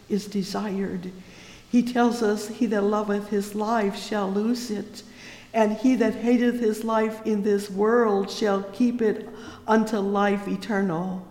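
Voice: medium pitch, a little mellow. A preacher giving a fervent sermon, reading old-fashioned scripture and exclaiming praise between lines. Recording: echoey hall.

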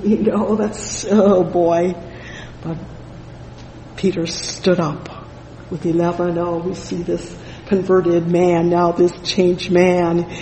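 Fervent preacher, unhurried delivery, roomy echo, faint background hum. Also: mid-range voice, completely flat delivery, dark tone. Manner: fervent, punctuated with "praise the Lord"; frequent "you know" fillers and restarts. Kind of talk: sermon with scripture reading. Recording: echoey hall with long reverb.

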